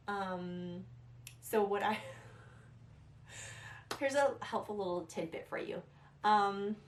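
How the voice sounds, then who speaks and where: A woman's voice: mid-range voice, a little hiss or hum. A young woman vlogging casual advice, chatty and rambling, laughing at herself. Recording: echoey room, a little distant.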